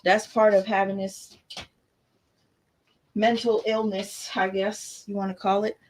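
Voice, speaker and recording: A woman's voice: medium pitch, little pitch movement, unhurried, a little hiss or hum. A young woman, chatting casually and emphatically on a livestream as an artist, with motivational asides.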